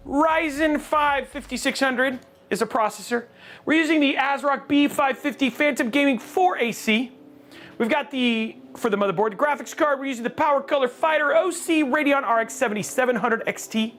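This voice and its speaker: A man with a very high-pitched voice hosts a live stream while building a PC, animatedly joking and chatting with viewers as he works. There's slight background noise.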